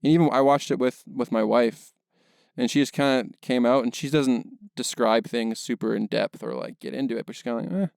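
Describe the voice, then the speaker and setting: A man's voice: mid-range voice, fairly even intonation, fairly quick, creaky, darkish tone, clean tone, no echo, studio quality. A young man co-hosting a casual film podcast, rambling with lots of fillers and restarts. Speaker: podcast co-host, filmmaker.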